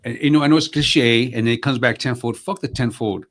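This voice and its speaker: A man's voice: medium pitch, fairly quick. A man in his sixties, an actor and comedian, telling stories in a casual interview in a streetwise way, swearing freely and calling people bro and man. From United States. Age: 60s.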